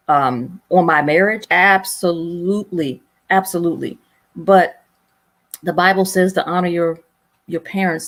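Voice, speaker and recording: Interview guest, woman, lowish voice, earnest faith-driven storytelling. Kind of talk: emotional personal storytelling.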